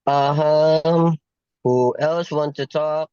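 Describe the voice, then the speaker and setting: A man on a video call, speaking hesitantly with many pauses and fillers. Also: fairly high pitch, steady tone, warm tone, clear, resonant tone, no echo. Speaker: teacher applicant on a call. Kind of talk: casual video-call chat. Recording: dull dry video-call audio.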